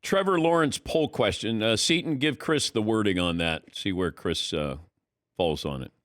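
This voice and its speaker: A man hosting a sports show, asking his guest questions in a relaxed, easy way. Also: fairly low pitch, moderate pace, dry recording, studio quality. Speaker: radio show host. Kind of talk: casual interview questions.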